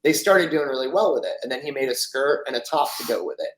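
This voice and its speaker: Medium-pitched, animated and fast, his slightly bright voice comes through poor audio with a little hiss or hum. He's a middle-aged French guest in a casual storytelling interview, rambling at length with lots of fillers and acting out the people he quotes.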